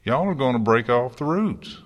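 A man's voice: mid-range voice, lively intonation, normal speed, in a large hall, muffled recording, voice pushed up, close to an everyday voice. A man voicing a brash country farm mare with a folksy Southern drawl in a storybook reading. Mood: feisty. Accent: put-on Southern country drawl. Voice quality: folksy, scrappy.

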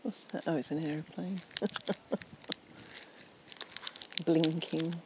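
Speaking very slowly in a low, fairly even whisper, a slightly tipsy woman gives a rambling night-time ASMR chat. She's recording on a portable device outdoors near trees and a fountain, with background noise audible.

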